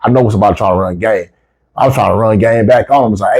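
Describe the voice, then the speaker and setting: A man with features, casually telling a travel story as a vlogger, swearing freely and jumping up in pitch when he quotes himself. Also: fast talker, slightly rough. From United States. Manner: animated, profane, rises sharply when quoting himself.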